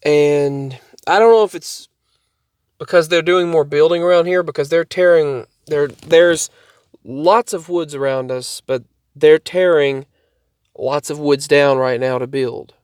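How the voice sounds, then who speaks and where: Man vlogger, rambling storyteller, higher-than-usual pitch, close dry sound. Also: fairly even intonation, a little slow, clean tone, no echo. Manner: rambling, repeats and restarts himself. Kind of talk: casual storytelling to camera.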